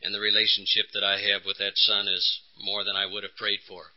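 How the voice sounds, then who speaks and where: A man's voice: on the low side, monotone, a little fast. An older man, telling his recovery story at a conference in an earnest, emotional way and acting out the dialogue. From Texas, USA. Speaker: conference speaker. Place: conference hall. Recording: dull lo-fi 1980s conference tape.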